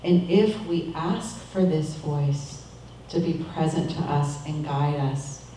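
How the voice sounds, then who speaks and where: A middle-aged woman giving a calm, measured, reflective sermon as a minister. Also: sits low, recorded from a distance, slight background noise. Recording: echoey room, voice from off-mic.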